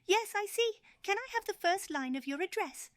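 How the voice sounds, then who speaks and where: A woman's voice: very high-pitched, expressive, moderate pace, a bit bright, pitched above the performer's own voice. A woman voicing a small creature working as a customer support agent, with a chirpy, scripted politeness. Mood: chirpy polite. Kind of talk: comic put-on voice in a livestream story.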